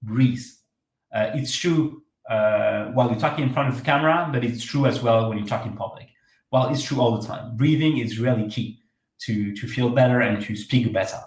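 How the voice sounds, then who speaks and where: A man's voice: mid-range voice, normal speed. Emphatic man in echoey room. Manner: energetic, emphatic, repeats key words. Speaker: workshop speaker. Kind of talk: online workshop talk.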